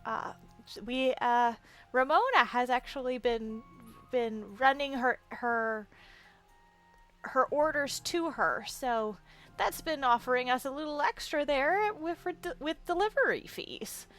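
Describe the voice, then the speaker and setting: A woman's voice: sits high, a little slow, fairly bright tone, soft background music. A woman voicing a kindly shopkeeper lady with a put-on accent, fussy and polite in a tabletop game. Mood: friendly.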